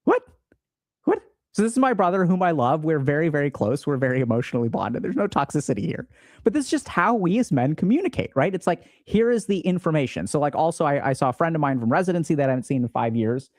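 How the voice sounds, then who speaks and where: A man's voice: a little high, expressive, fast talker, darkish tone, dry recording, clean studio sound. A man in his thirties explaining emotional skills in a casual, upbeat way, slipping into voices for remembered conversations. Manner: casual, upbeat, acts out quoted dialogue. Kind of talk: explanatory talk to camera.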